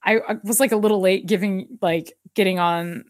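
Woman podcaster, chatty, filler-heavy, mid pitch, dry close sound. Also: steady tone, normal speed, dry recording. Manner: chatty, many fillers, reads an article aloud. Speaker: podcast co-host. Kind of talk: casual chat recapping a TV episode.

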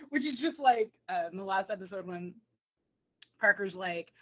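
A woman chatting casually about a TV episode, animated and laughing often as she acts out lines. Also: medium pitch, a little slow. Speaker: podcast co-host. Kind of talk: casual recap chat. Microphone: remote call. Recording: tinny phone-like line.

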